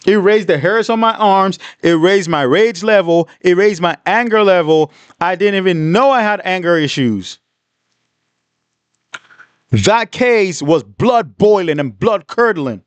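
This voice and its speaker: A man hosting a livestream, reading comments and telling a story in an animated, repetitive, indignant way. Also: high-pitched, a little slow, clean tone, no room sound. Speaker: livestream host.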